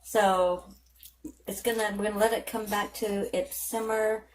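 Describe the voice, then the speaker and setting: A woman's voice: medium pitch, little pitch movement, unhurried, a little hiss or hum. A woman hosting a home cooking vlog, talking casually with lots of fillers and restarts as she cooks in her kitchen. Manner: rambling, chatty, lots of fillers and self-corrections.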